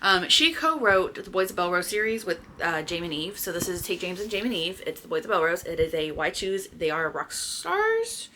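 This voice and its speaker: A woman chatting casually to her viewers about books she has read, gushing with excitement and swearing freely. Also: fairly low pitch, fairly quick, few pauses, a little hiss or hum. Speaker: book vlogger. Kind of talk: casual chatty book review.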